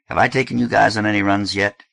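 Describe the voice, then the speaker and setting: A man's voice: fairly low pitch, steady tone, fast, vocal fry, fairly bright tone, no echo, voice pushed up. A man voicing a blunt, curt young male gang leader in an audiobook.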